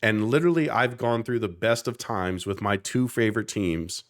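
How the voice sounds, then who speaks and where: On this podcast, a South Jersey co-host in his thirties, from near Philadelphia, speaks at a moderate pace in a voice on the low side. He goes on passionately and loosely, dropping a swear here and there for emphasis.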